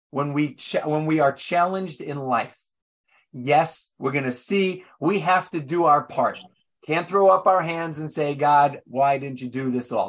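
A man, a rabbi, delivering a sermon, telling the story with animated rhetorical questions and swinging between loud outbursts and hushed asides. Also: on the high side.

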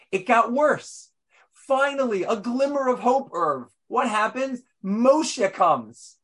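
High-voiced man preaching with animated storytelling. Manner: animated storytelling with rhetorical questions; swings between loud and hushed. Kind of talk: sermon.

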